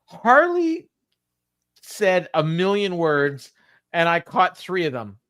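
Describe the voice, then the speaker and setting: A man's voice: fairly high pitch, unhurried, a bit bright, smooth. A man co-hosting a wrestling podcast, recapping the show in blunt, exasperated casual chat. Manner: blunt, exasperated, reads segments aloud with impressions. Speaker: podcast co-host.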